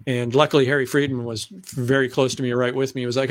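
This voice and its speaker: A middle-aged man, a former TV announcer and weatherman, telling stories as an interview guest, animated and often clearing his throat. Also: brisk, no room sound. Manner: animated, acts out excited voices in a high pitch. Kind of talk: conversational storytelling.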